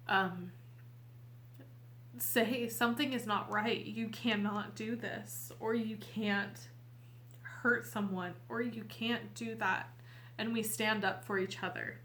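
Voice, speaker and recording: Slow, bright-voiced woman, tearful and earnest. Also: medium pitch, slight background noise. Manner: earnest and emotional, halting. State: weepy, tearful. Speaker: tarot reader and channel host. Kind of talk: casual heartfelt talk to camera.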